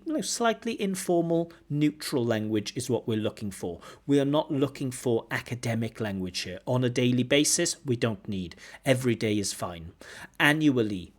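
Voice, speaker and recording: Man explaining test feedback. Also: mid-range voice. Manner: explanatory, models better answers aloud. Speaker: IELTS examiner and teacher. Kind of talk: spoken test feedback commentary. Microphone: video call.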